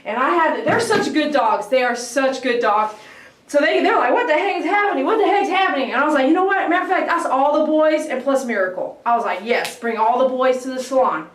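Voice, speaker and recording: A high-voiced woman chats on a live stream from her grooming salon, telling animated stories and acting out barking dogs. The room rings with echo, and she sits a little back from the mic. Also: a little fast, recorded from a distance. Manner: animated storytelling, imitates barking dogs, laughs often. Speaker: dog groomer. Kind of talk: casual livestream chat.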